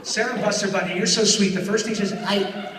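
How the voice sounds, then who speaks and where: A man's voice: high-pitched, fairly even intonation, fast talker, a loud crowd. A man giving a live talk to an audience, chatty and joking, slipping in little character voices. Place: live venue in front of an audience. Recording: echoey hall from far off, faint noise.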